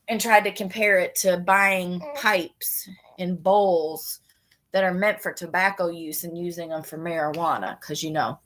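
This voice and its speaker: A woman telling a story in a casual, sarcastic rant, with quick animated bursts. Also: mid-range voice. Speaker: vlogger.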